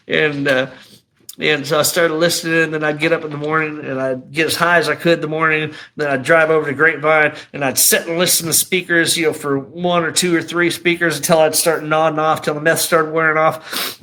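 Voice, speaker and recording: A man's voice: fairly high pitch, sharp tone. A middle-aged man telling his personal testimony in a raw, emotional, conversational way, often saying "man" and "you know". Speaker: guest sharing a testimony.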